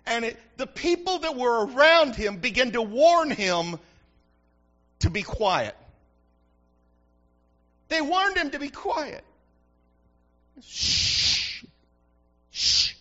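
Male pastor, very high bright voice, fervent sermon delivery, dull lo-fi recording. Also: big pitch swings, slow, pauses often. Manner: fervent preaching, asking the congregation for response. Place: church.

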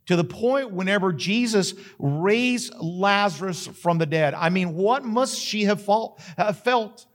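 A man's voice: sits high, expressive, measured pace, few pauses. A male pastor, preaching a sermon that retells a story dramatically and builds to emphatic questions.

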